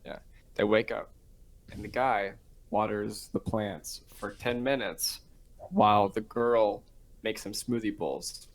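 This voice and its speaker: A young podcast co-host with a fairly low voice and a gravelly, fry-laced texture. He talks loosely and jokily, retelling a video with quick asides. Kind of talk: casual chat.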